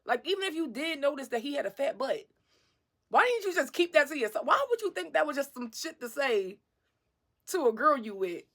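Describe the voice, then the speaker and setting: A young woman telling a casual storytime, animated and swearing freely, laughing as she goes. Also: sits high, brisk.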